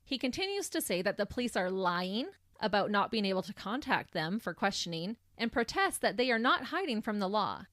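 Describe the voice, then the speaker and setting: A woman's voice: medium pitch, sing-song, fairly quick, few pauses, fairly bright tone, no echo, clean studio sound. A woman hosting a podcast, recounting a true crime case in a sardonic storytelling manner. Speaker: podcast host.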